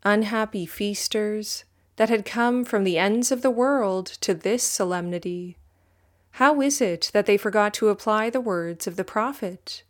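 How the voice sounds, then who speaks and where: Slow, solemn woman reading aloud. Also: medium pitch. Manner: measured, solemn reading that speaks footnote citations aloud. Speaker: audiobook reader. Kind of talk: scripted narration of a religious history text.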